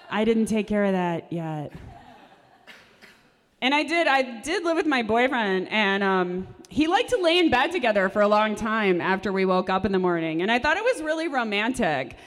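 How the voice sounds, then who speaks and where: A young adult woman doing a stand-up comedy set with a dry, sardonic delivery, recorded live in a performance space. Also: on the high side. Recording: reverberant live room.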